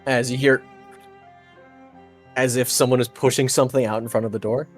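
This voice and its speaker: A man narrating a tabletop game as game master, describing scenes in unhurried detail. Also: medium pitch, steady tone. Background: faint background music.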